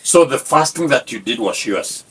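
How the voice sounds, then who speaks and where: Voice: medium pitch, lively intonation, moderate pace, a bit bright, breathy edge. An interviewer who murmurs agreement often and finishes the guest's sentences. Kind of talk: conversational interview.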